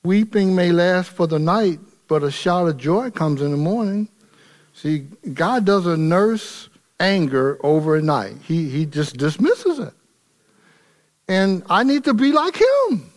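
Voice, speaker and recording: Animated man preaching a sermon. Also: high voice, slow. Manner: animated, colloquial and humorous. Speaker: pastor.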